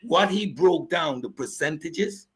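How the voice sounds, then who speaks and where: A man's voice: a little high, animated, a little slow, slightly rough. A man on a heated online debate panel, dismissive and curt, insulting his opponent.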